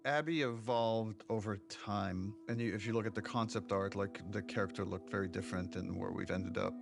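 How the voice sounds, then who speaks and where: A game developer in an interview, slowly recalling how a character evolved. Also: male voice, on the low side, fairly even intonation, creaky, over music. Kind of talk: reflective interview.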